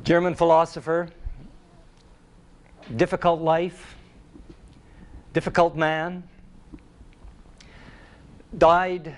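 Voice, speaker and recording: A man preaching a sermon in a deliberate, emphatic way, repeating key phrases for weight. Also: fairly high pitch, flat delivery.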